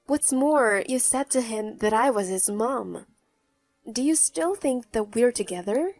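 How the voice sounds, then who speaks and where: Woman narrator, first-person story, mellow voice, fairly high, faint music. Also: a little slow, no echo. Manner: mocking, even-toned.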